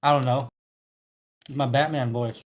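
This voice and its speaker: A man's voice: medium pitch, steady tone, moderate pace, lo-fi sound, a crowd in the background. A man playing a tabletop game, chatting with frequent giggles. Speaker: player. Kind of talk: casual tabletop game chat.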